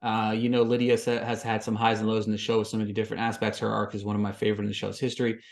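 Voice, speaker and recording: A man hosting a podcast, recapping a reality show in casual commentary, swinging from flat summary to loud exasperated rants. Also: on the low side, very fast, creaky. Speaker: podcast host.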